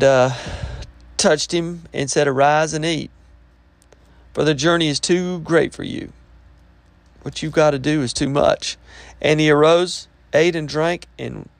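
Gravelly-voiced man preaching from scripture. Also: a little high, dry recording. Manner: reads verses then breaks off to explain in plain talk. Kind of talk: sermon reading and explaining scripture.

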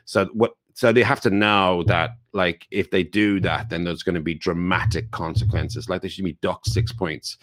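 A man's voice: deep voice, steady tone, normal speed, hardly any pauses, fairly bright tone, no echo, clean studio sound. A man on a football podcast, talking in a rambling, emphatic way with many restarts. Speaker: podcast panelist. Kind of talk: casual football chat.

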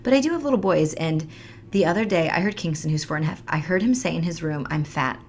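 Woman, 30s, podcast co-host, expressive and swoopy, slight fry. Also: quick pace, slight background noise. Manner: animated, acts out quoted voices with big pitch jumps. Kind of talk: faith-based casual conversation.

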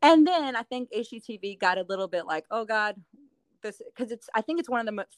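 A woman's voice: fairly high pitch, animated, fairly quick, no echo. A woman from New Orleans, a real estate agent turned TV host, telling stories in a casual chat with lots of laughs and fillers. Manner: giggly, chatty storyteller with lots of fillers.

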